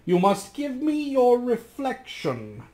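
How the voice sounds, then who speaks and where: A man voicing a crafty, scheming magician who speaks in a high, shrill, slow and gloating way while reading a storybook aloud. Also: huge pitch swings, darkish tone, heavily acted. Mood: sly gloating.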